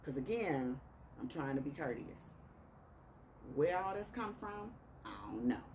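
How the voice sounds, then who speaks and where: A woman's voice: low voice, lively intonation, unhurried, a little mellow. A woman from Chicago with a Chicago accent, casually telling a dating story and acting out both sides of the texts. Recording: distant mic with clear background noise.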